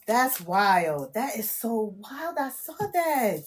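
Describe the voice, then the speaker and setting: A woman, chatting on a live stream as a spiritual reader, laughing often, loud and disbelieving, full of slang. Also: a little high, big pitch swings, slow, slight background noise. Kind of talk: casual live-stream chat.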